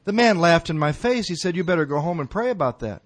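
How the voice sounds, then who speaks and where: A man's voice: fairly high pitch, lively intonation, fast talker. A middle-aged man giving a recovery talk to an audience, telling stories in a colloquial, self-mocking way. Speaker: recovery speaker.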